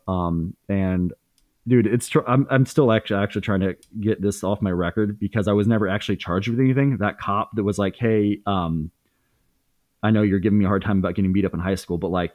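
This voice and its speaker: A man's voice: lowish voice, no room sound, lo-fi sound. A man in his thirties as a podcast guest, candidly telling a story in casual speech, swearing freely with many fillers and restarts.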